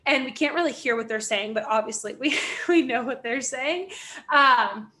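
Young woman, fairly high and bright, chatty storyteller who acts out her quotes. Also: normal speed. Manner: animated storytelling with voiced quotes, frequent "like" and swearing. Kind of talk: casual chat.

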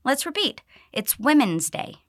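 A woman who teaches English leads learners through a pronunciation drill with repetition, her pitch lifting and dipping in a lively way. She says each phrase with deliberate clarity so students can repeat it. The audio is close and dry, with no sense of a room.

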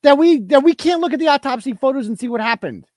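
A man's voice: very high voice, expressive, quick pace, darkish tone, dry recording. A man hosting a live show, ranting in heated, profane commentary and repeating himself for emphasis. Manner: heated, swearing, repetitive.

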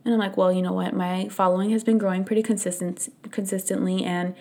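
A young adult woman talks alone on her podcast in a casual, candid way. She tells her story with animation and voices her own inner thoughts. Her voice sits at a middle pitch. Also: level tone, fast, gravelly, dark tone. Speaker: podcast host. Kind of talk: casual solo podcast talk.

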